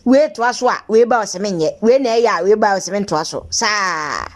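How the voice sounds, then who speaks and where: A woman's voice: mid-range voice, a little fast. Chatty woman presenting local news. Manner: chatty, laughing, teasing. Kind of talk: local-language news commentary.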